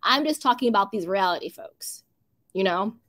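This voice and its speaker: A woman's voice: mid-range voice, lively intonation, normal speed, a bit bright. A woman hosting a casual gossip livestream, chatty and opinionated, reading out chat comments and laughing often. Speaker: livestream host.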